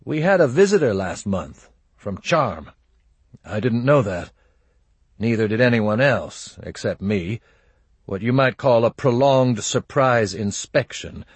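A man's voice: mid-range voice, lively intonation, measured pace, slightly rough, no echo. A man voicing a wry, world-weary army colonel in an audiobook, talking in a dry, confiding way. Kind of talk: audiobook character voice.

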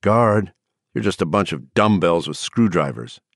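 A man plays a bitter middle-aged man in an audiobook who rants with sarcastic scorn. His low voice swings widely as he jeers. The recording is dry and close. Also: expressive, a little slow, creaky, no echo, full character voice. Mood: scornful. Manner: ranting, sarcastic. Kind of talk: audiobook character voice.

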